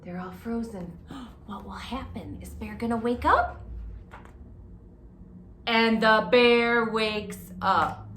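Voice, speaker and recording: A woman, a children's librarian, reading a picture book aloud in an animated, playful, expressive way. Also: mid-range voice, slow, pauses often. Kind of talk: storybook read-aloud for children. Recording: roomy echo, faint hiss.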